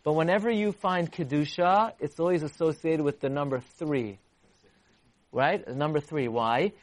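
Animated high-voiced man teaching Torah. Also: normal speed. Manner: animated, repeats for emphasis, rises high to act out voices. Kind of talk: Torah class lecture.

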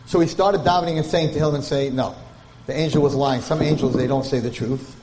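A man's voice: a little high, brisk, darkish tone, slight background noise. Man retelling a Torah story. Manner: translating Hebrew text line by line, mixing Yiddish and Hebrew terms. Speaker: Torah lecturer.

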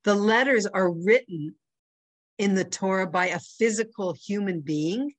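A woman with a Canadian accent teaches an informal religious class at an ordinary pitch. She talks conversationally and keeps checking in with her listeners. The recording is dry and close. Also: measured pace, no echo. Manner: conversational, checks in with "right?" and "you know".

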